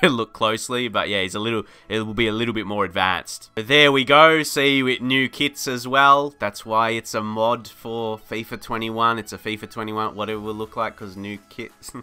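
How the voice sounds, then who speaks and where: A man hosting a gaming video, giving casual gameplay commentary in a chatty, rambling way, laughing often and getting excited at good plays. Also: lowish voice, clean tone.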